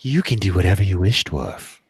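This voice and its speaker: A man's voice: low voice, sing-song, a little fast, vocal fry, a loud crowd, voice pushed down, exaggerated voice. A man putting on a sultry evil sorceress. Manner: sultry, purring. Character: sultry scheming female sorceress, evil magic-user.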